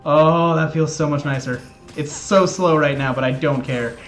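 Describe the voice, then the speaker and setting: A man with a high, light voice chats loosely with his live audience, cracking jokes and teasing himself. Faint game music plays underneath him. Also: fairly even intonation, moderate pace. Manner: chatty, joking, self-mocking. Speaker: streamer. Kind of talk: casual live-stream chat.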